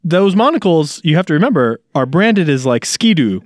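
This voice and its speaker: A man's voice: a little high, sing-song, normal speed, dry recording, studio quality. A man co-hosting a casual comedy podcast, teasing his friend and setting up bits with mock-serious scenarios. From Midwest US. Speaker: podcast co-host.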